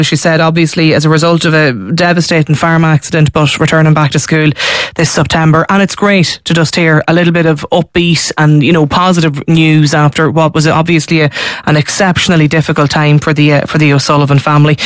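A man's voice: a little high, no room sound. A man with an Irish accent hosting a radio call-in show, encouraging and chatty with fillers. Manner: warm, encouraging interviewer with frequent fillers.

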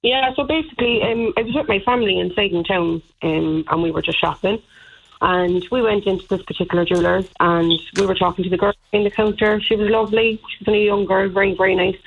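A woman's voice: mid-range voice, fast, gravelly. Indignant Irish woman on a phone line. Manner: rambling, indignant storytelling with many fillers. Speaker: caller. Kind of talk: phone-in call.

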